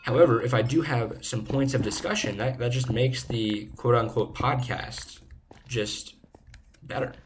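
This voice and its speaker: A young man hosting a gaming channel, chatting casually and rambling playfully while he plays, recorded on a low-quality home microphone. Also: a little slow, noisy background. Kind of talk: casual chat while playing. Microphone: low-quality desk microphone.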